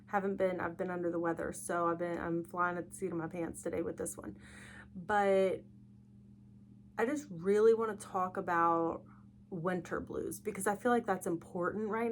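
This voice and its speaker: Tired woman podcasting, lowish voice. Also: a little hiss or hum. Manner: chatty, rambling, reflective. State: tired, yawning. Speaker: podcast host. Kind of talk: casual solo podcast talk.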